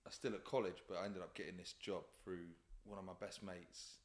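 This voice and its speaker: A man's voice: low voice, level tone, brisk. A young man from England, telling work stories as a podcast guest in slangy, sweary casual chat. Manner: storytelling with quoted voices, slangy and sweary.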